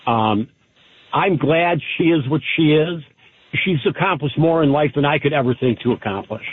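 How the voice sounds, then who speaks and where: A man calling in to a radio show, speaking warmly and gratefully. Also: a little high, moderate pace, breathy edge. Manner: warm, grateful and heartfelt. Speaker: caller. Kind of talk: call-in radio talk. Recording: tinny phone line.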